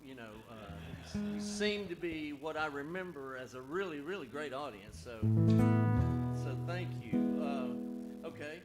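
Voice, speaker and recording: A singer-songwriter with a Southern Alabama accent telling rambling, wry stories between songs on a live stage. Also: male voice, on the high side, expressive, a little slow, poor audio. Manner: rambling, self-correcting, wry humor. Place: live music stage with audience. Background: guitar playing.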